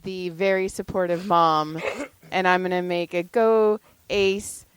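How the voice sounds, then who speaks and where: A woman's voice: lowish voice, fairly even intonation, slow, smooth, no echo. A woman co-hosting a casual podcast, teasing and chiming in with laughter. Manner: playful, laughing interjections. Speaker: podcast co-host. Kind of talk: casual chat.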